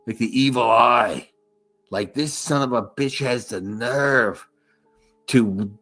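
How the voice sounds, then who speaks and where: A man's voice: medium pitch, a bit bright. A man hosting a live stream in casual chat, rambling crudely and repeating himself.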